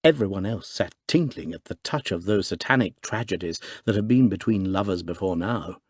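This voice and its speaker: A man narrating a classic detective story in an expressive, dramatic reading. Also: sits low, moderate pace, slightly rough. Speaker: audiobook narrator. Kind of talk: scripted narration.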